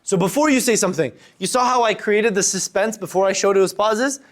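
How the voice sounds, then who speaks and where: Young guy w a highish voice teaching a speaking workshop to a room, animated, plays with loud and soft. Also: brisk. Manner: animated, varies loudness and pace for demonstration. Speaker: workshop instructor. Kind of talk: public speaking lesson to a student group. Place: room with a live audience.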